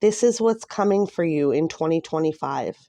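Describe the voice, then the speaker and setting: Gushing tarot reader, a low-voiced woman. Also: lively intonation, normal speed, mellow, dry recording. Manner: gushing and emotional, many fillers. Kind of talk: casual tarot reading to camera.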